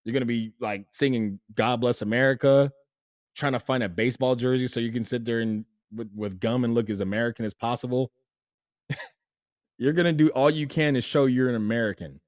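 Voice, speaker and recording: A young man hosting a solo opinion commentary, talking animatedly and jumping to emphatic highs as he acts out imagined people. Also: brisk, a little mellow, no echo, studio quality. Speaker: host.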